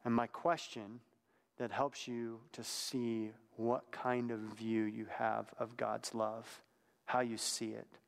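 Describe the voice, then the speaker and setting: A man preaching a sermon in a conversational, reflective way, sometimes dropping to a hushed tone. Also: mid-range voice, flat delivery, takes it slowly, creaky, big-room sound.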